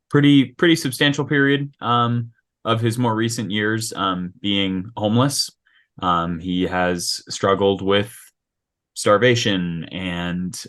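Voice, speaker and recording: Guy gm with a lowish voice, lots of ums, describing a character on a call. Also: a bit bright. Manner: hesitant, many ums and restarts. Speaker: game master. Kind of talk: describing a character at a tabletop game session.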